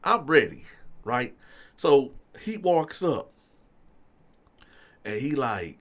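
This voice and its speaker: A man spinning a casual storytime tale, his pitch swinging up and down as he gets worked up. He talks straight to his listeners and keeps the story rolling with fillers. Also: slow pace. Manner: animated, talks straight to the audience, lots of fillers. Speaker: storyteller host.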